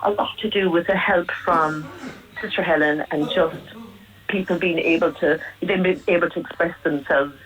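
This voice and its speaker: A woman guest on a radio interview, speaking in a halting, emotional and reflective way about personal loss. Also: on the low side, fairly even intonation, fairly bright tone, distant mic, low-quality recording.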